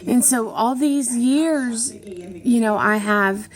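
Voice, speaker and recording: Halting, earnest middle-aged woman. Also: a little high, crowd noise. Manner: halting, earnest, frequent pauses and restarts. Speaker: vlogger. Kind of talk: personal confessional vlog.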